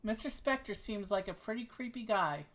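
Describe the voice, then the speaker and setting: A woman's voice: mid-range voice, expressive, moderate pace. A woman playing a game with a friend, reading dialogue aloud with wry comments. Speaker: co-host of game stream.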